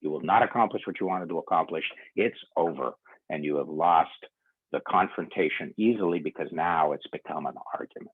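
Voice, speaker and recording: A man's voice: a bass voice, a little fast, slightly rough. A man giving a conference workshop talk, telling a story and acting out both sides of the conversation. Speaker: workshop speaker. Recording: thin phone-like sound.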